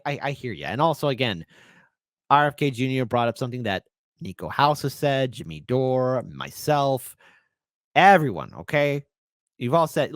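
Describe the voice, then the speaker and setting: A man hosting a livestream with political commentary, ranting in an animated, sarcastic way. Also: mid-range voice, no echo, clean studio sound.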